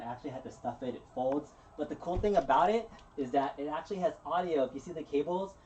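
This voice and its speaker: A man hosting a casual live-stream unboxing, talking in a relaxed, rambling way with plenty of fillers and restarts. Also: mid-range voice, slight background noise. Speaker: channel host.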